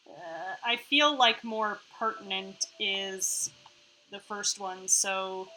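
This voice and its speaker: Bright-voiced woman narrating a game playfully. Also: mid-range voice, steady tone, slow, slight background noise, low-quality recording. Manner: chatty, playful asides. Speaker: streamer reading a game. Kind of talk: casual narration with commentary.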